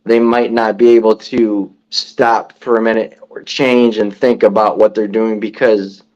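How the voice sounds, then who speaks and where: A man's voice: lowish voice, level tone, unhurried, a little mellow. A man co-hosting a podcast, talking reflectively and rambling, repeating words as he works out his point. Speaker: podcast co-host. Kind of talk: casual chat. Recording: dull lo-fi sound.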